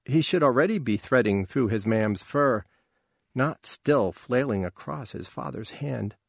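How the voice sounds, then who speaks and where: A man reading a science fiction story aloud in a slow, measured way. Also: medium pitch, expressive, gravelly, breathy edge, no room sound, clean studio sound. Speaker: narrator. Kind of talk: audiobook reading.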